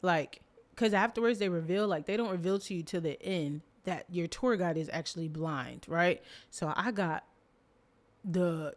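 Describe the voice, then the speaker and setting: A young woman hosting a podcast, telling a story from her own life in a loose, chatty way. She talks at a mid pitch, fills her sentences with "like" and "you know", and breaks into loud laughter. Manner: animated, laughs loudly, lots of "like" fillers. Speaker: podcast host. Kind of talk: casual storytelling.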